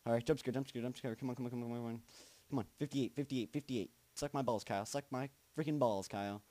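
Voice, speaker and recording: A man's voice: mid-range voice, steady tone, fast talker, warm tone, no echo. A young man commentating a horror game he is playing, muttering nervously, chanting to himself and swearing, with sudden screams. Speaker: gaming channel host.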